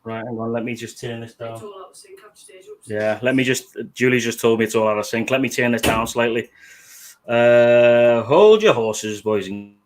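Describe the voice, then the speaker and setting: A man's voice: medium pitch, normal speed, slight background noise. A British man hosting a casual livestream show, chatting and swearing while he fixes his webcam setup. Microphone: webcam setup at a desk.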